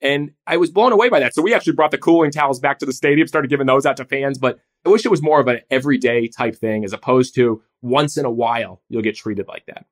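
Fast-talking enthusiastic male host. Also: mid-range voice. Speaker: podcast host. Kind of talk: casual interview chat.

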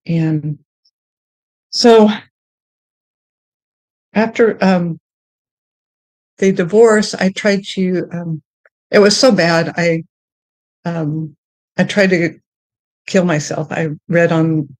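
In conversation, a middle-aged woman shares her personal faith testimony, speaking haltingly with many restarts. When she describes joy, her voice climbs high and excited. The recording is dry.

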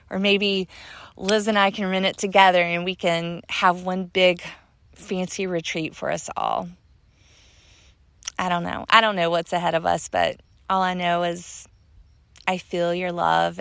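A woman hosts her own solo podcast in a mid-range voice that is gravelly, pushed and bright, with no room sound. Her talk is heartfelt, gushing and spiritual, packed with thanks and "like" fillers.

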